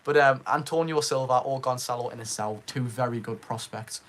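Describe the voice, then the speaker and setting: A man's voice: mid-range voice, moderate pace. A young man with a Geordie accent, hosting a casual live stream from home, chatting to viewers and reading out names from the chat. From Northeast England. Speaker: livestream host.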